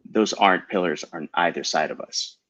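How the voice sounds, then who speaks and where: A man reading as a calm, formal vampire lord. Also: low voice, normal speed, slightly rough, dry recording, highs cut off, voice pushed down. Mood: calm, courteous.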